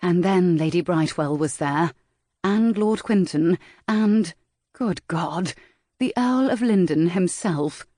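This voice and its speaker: A woman narrating a historical romance audiobook in a measured, dramatic style. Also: fairly low pitch, mellow, no room sound, clean studio sound. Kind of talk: scripted narration.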